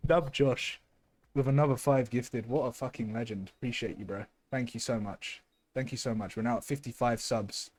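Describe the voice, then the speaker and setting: A young man gives live esports commentary, excitable and loud as he shouts out thanks to his viewers. His voice sits at an ordinary middle pitch, and it is going a little hoarse from all the shouting. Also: a little fast. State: losing his voice. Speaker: streamer and match caster.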